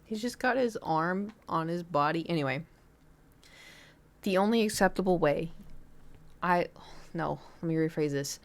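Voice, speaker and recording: Chatting casually on her live stream, a young adult woman tells meandering stories loaded with fillers and restarts. She speaks in a lowish voice at a measured pace, leaving long pauses.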